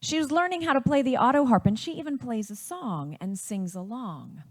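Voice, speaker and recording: A woman from Wisconsin telling a personal family story in a reflective, unhurried way. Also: on the high side, lively intonation, a little mellow.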